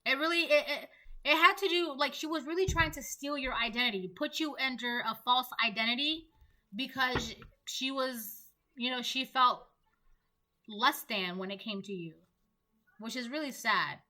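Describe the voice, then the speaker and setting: A woman with a fairly high, bright, forceful voice talks through a tarot reading for her viewers. She rambles from one point to the next and peppers her talk with "right?" and "um". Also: normal speed. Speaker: tarot reader. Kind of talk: casual spoken tarot reading.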